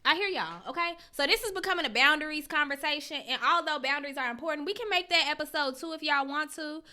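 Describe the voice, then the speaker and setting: A young woman with a high, sharp voice hosts a casual livestream at a quick clip, reading viewers' comments aloud. She answers in slangy, candid talk, swearing freely, speaking straight to her viewers and greeting them by name.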